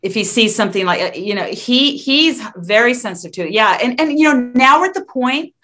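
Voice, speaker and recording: A woman in her fifties speaking openly as an interview guest, frank and quick to laugh, with some stumbling restarts. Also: on the high side, lively intonation, bright, forceful tone. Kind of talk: candid interview conversation.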